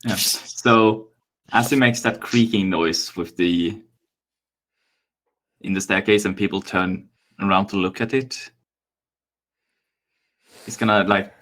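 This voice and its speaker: A man playing a tabletop game, describing his character's moves in a halting way, with stammers and restarts. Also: lowish voice, fairly even intonation, fairly bright tone. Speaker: player.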